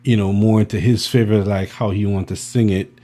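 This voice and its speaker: A man working as a music producer, telling a studio anecdote as a guest, animated and full of restarts and fillers. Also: fairly low pitch, a little fast. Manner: animated, acts out quotes, many restarts and fillers. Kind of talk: storytelling anecdote.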